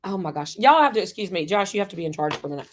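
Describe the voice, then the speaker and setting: A woman co-hosting a livestream, blunt and quick to laugh, fighting a cough. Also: on the low side, lively intonation, slight background noise. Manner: blunt, laughing, playfully argumentative. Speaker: co-host and cruise booker. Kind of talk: casual livestream chat.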